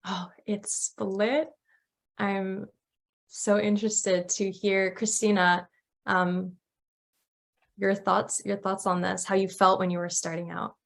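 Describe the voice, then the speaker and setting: Gravelly-voiced woman moderator. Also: medium pitch, level tone, takes it slowly. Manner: friendly, laughs easily. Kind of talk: moderating a panel discussion.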